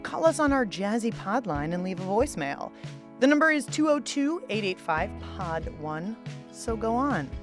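A woman hosts a radio-style podcast show with bubbly, playful energy. Her pitch swoops widely from high to low as she talks. A faint music bed plays behind her. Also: sing-song, normal speed. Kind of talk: lively radio hosting.

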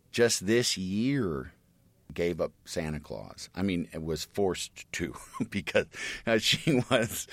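A middle-aged man chats casually, winding through a family story with lots of restarts. His lowish voice swings up and down with feeling, and the sound is dry and close. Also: a bit bright, no echo. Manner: rambling storytelling with many restarts. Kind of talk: casual chat.

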